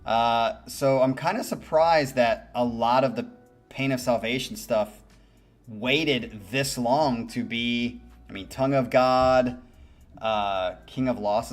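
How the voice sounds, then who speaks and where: A man hosting a music reaction channel, giving candid, musing commentary and swearing casually. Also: medium pitch.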